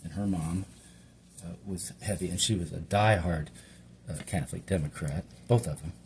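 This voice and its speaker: A middle-aged man from Hawaii, a home cook who hosts his own channel, meanders casually while he cooks, talking to himself as he works in a rambling cooking vlog. His voice sits low and darkish at normal speed, with a little hiss or hum in the recording.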